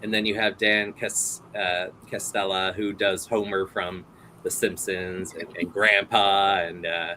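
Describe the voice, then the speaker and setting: A man's voice: low voice, flat delivery, a little slow, sharp tone, slight background noise, low-quality recording. A man hosting a casual interview, telling rambling stories full of fillers and laughs. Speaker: host.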